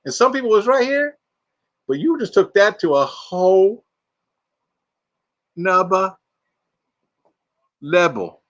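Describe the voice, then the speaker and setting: Inside his RV, a retired man of middle age or older runs a relaxed livestream, playfully chatting through viewer comments and cracking jokes. He speaks high and very animated at a moderate pace, though the audio sounds dull.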